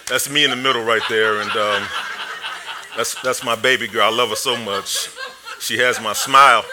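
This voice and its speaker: A man's voice: mid-range voice, normal speed, very noisy. A man preaching a sermon through a personal story, joking and self-deprecating, laughing often and acting the story out with energy. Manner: animated storyteller.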